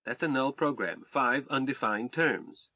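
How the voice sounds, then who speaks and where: A man's voice: medium pitch, measured pace, no echo, lightly acted. A man reading a math-minded young wife in an audiobook, earnest and precise as she recites calculations, on a dull, dry recording.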